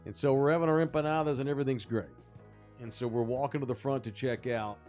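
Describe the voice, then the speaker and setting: A man co-hosting a sports podcast, telling a story in casual, animated, profane talk. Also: mid-range voice, fast, soft background music. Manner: animated, profane, rising when excited. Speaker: podcast co-host.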